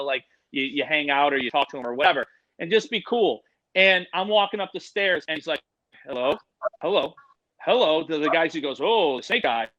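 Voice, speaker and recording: A middle-aged man talks as a podcast guest. He spins loud, profane stories with lots of energy. His voice sits high and bright, and it is recorded dry and close. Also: no echo, muffled recording. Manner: loud, profane, animated storyteller. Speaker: guest, animal presenter. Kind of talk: casual storytelling chat.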